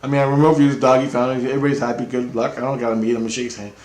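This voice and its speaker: A man's voice: mid-range voice, level tone, rapid-fire, a little mellow, reverberant. A man telling a rambling personal story in a casual, profane way, laughing often as he talks.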